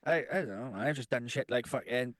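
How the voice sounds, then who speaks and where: Man, thirties, podcast co-host, rambling storyteller, swears a lot, rapid delivery, dry close sound. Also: mid-range voice, a bit bright, no echo. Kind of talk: casual chat.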